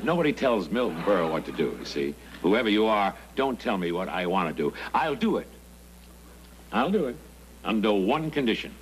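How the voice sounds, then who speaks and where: A bossy wisecracking comedian. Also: male voice, lowish voice, very animated. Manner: wisecracking, domineering, stalling with drawn-out pauses. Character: brash veteran male comedian, bossy and wisecracking. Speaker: comedian in a sitcom guest spot. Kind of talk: sitcom acting before a studio audience. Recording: noisy sitcom audio with audience laughter.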